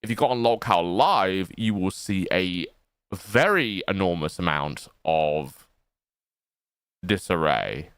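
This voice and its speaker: A man's voice: deep voice, lively intonation, a little slow, a bit bright, clear, resonant tone, dry recording. A tipsy man streaming, sarcastic and swearing as he rambles. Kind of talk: rambling livestream commentary.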